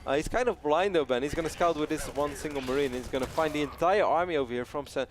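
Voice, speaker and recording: A man's voice: on the high side, fast. A man casting a live esports match, upbeat and jokey, laughing often between play-by-play calls. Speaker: esports caster. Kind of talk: play-by-play game commentary.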